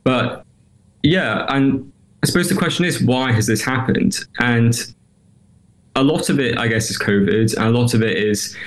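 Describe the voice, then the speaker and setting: A man's voice: medium pitch, normal speed. A young British man in his twenties, a graduating student, speaking as an interview guest in an earnest, hesitant way with many fillers. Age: 20s.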